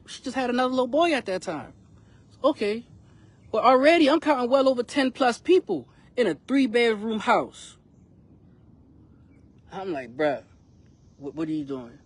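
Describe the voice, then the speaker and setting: Brief: young man, rapper, frustrated storytelling vlog, high-ish voice, faint background hum. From South Carolina, US. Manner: emphatic, conversational, frustrated retelling with slang. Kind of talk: storytelling vlog addressed to his son.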